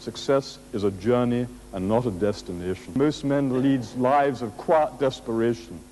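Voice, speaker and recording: A man, a motivational speaker, giving a jokey, animated speech to an audience, full of rhetorical questions and laughing at his own stories. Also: medium pitch, normal speed, a little hiss or hum, rough recording. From England.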